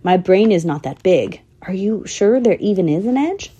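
Woman reading Tsutsa, a gentle modest squirrel. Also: medium pitch, expressive, normal speed, slightly rough, dull audio.

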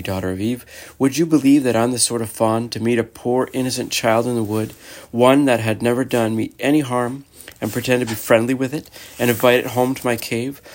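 A man's voice: mid-range voice, fairly even intonation, brisk, darkish tone, natural voice. A man voicing a sorrowful, guilt-ridden male faun who sobs and pleads. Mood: remorseful. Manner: sobbing, tearful, pleading.

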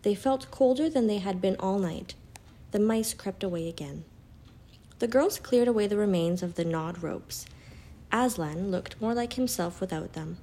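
A woman reading a children's storybook aloud in a calm, even narrating voice. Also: mid-range voice, a little hiss or hum.

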